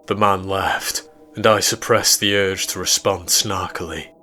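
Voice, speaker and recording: A man with an English accent narrating a horror story in a measured, low-key way. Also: fairly even intonation, sharp tone, faint music behind.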